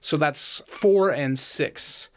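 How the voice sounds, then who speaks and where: A man with a somewhat high voice talks through song lyrics in a casual discussion. He counts syllables one by one and recites lines slowly and carefully. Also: clean tone. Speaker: podcast co-host critiquing song lyrics.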